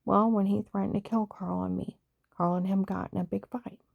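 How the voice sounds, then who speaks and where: A woman's voice: medium pitch, level tone, moderate pace, gravelly, no echo, narrow, tinny audio. A woman delivering an angry personal monologue, indignant and emphatic, who says she stutters when upset. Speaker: vlogger.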